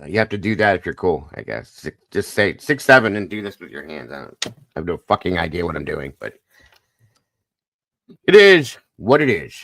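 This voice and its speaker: Male livestream host, lowish voice, dry close sound, rattles off viewer greetings. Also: expressive, fast talker, gravelly, sharp tone, no echo. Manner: upbeat, greets viewers by name one after another. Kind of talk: casual livestream chat.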